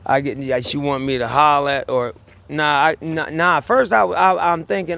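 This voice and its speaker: Gravelly, fairly high-voiced rambling man. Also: steady tone, normal speed, bright, forceful tone. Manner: rambling, profane, laughing, repetitive. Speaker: vlogger. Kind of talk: casual storytelling monologue.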